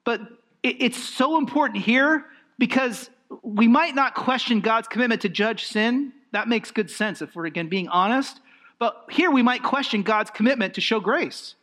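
A man preaching a sermon, emphatic and animated, with rhetorical questions and lively swings in emphasis. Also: very high-pitched, moderate pace. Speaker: pastor.

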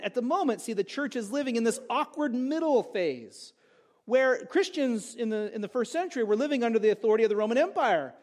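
High-voiced pastor preaching conversationally. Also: male voice, a little mellow. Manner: conversational, asks rhetorical questions, jokes with the congregation. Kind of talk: sermon.

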